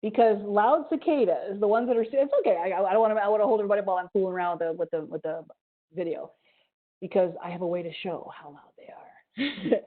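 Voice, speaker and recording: Ohio lady teaching kids about bugs on a video call, playful, sound effects, tinny phone-ish audio. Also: medium pitch. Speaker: museum educator. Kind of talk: live online science lesson for kids.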